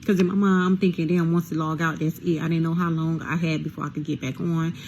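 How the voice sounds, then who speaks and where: Gravelly-voiced woman telling a candid story. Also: sits low, level tone, quick pace, darkish tone, slight background noise, poor audio. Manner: candid, addresses listeners as y'all, swears freely. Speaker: storyteller recounting prison time. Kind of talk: casual storytime monologue.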